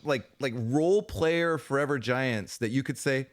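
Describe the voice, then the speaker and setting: A man co-hosting a comedic sports podcast, delivering jokes in a deadpan way. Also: mid-range voice, a little slow. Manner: deadpan, joking. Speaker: podcast co-host.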